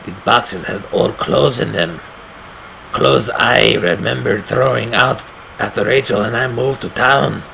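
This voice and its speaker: A man putting on a strained, raspy voice to read a game's horror narration slowly and grimly. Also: medium pitch, sharp tone, a little hiss or hum, heavily acted, low-quality recording. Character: gravelly grown man narrating his own horror story.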